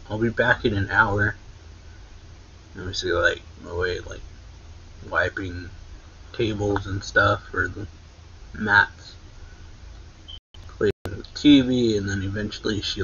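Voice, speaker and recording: A man's voice: lowish voice, fairly even intonation, takes it slowly, long pauses, bright, forceful tone, muffled recording, slight background noise. Rambling young man recapping a story. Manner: rambling, filler-heavy retelling with many likes and restarts. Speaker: anime reaction channel host. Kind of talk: casual manga recap.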